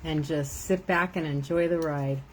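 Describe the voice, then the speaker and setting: A woman's voice: low-pitched, fairly even intonation, a little slow, slight background noise, poor audio. An older woman, a grandmother, chatting casually and rambling while she crafts on a live stream, laughing often.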